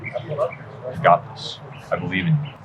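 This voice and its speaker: A man's voice: normal speed, noisy background. A young man casually directing an actor, explaining the scene and encouraging him. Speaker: film director.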